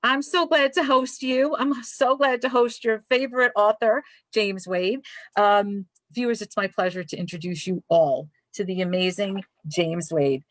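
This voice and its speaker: A woman's voice: mid-range voice, measured pace, no echo. A woman librarian hosting a live-streamed author interview over a video call, with an effusive, bubbly welcome and a twang. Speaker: librarian and host.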